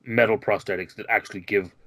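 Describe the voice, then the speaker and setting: A man explaining the rules of a tabletop game as game master, measured and patient. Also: fairly low pitch, steady tone, gravelly, a bit bright, a little hiss or hum, low-quality recording.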